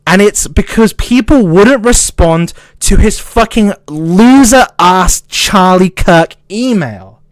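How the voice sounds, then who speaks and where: Streamer, man, southern English accent, high lively voice, stuttering angry rant, dry close sound. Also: slow, no echo. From south of England. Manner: angry, swearing, excitable. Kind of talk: casual livestream rant.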